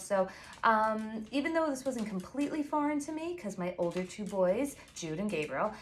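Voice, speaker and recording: A woman in her forties with a Long Island New York accent, a pastry chef giving a chatty, fast how-to talk full of asides and fillers. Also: lowish voice, a little hiss or hum. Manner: fast, chatty and self-apologetic, with frequent fillers. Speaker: pastry chef and baking teacher. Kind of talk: casual instructional talk to camera.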